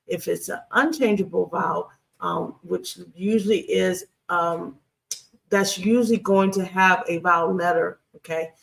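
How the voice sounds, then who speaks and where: Grammar teacher, unhurried delivery, heavy vocal fry, repeats key points with many ums. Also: medium pitch. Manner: deliberate, repeats key phrases, frequent ums. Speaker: Hebrew grammar instructor. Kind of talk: screen-share lesson.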